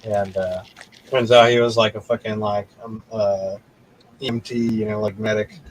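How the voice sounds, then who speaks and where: A man's voice: fairly low pitch, flat delivery, moderate pace, a little hiss or hum, rough recording. A man telling a rambling story in casual chat, swearing constantly and laughing a lot.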